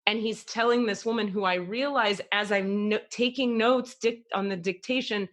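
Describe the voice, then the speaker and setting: A woman podcast host telling a personal story in a casual, animated way, swearing freely. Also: mid-range voice, normal speed.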